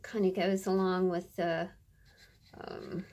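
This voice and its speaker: A woman's voice: fairly low pitch, flat delivery, slow, darkish tone. A woman chatting casually through a crafting tutorial, muttering to herself and often dropping to a whisper as she works. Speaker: crafter demonstrating journal pages.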